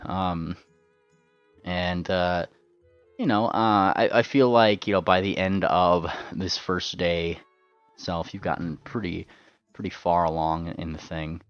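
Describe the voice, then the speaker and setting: A man's voice: sits low, steady tone, slow pace, clean tone, dry recording, faint music behind. A man running a tabletop game as game master, rambling with lots of fillers and repeated words. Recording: dull lo-fi sound.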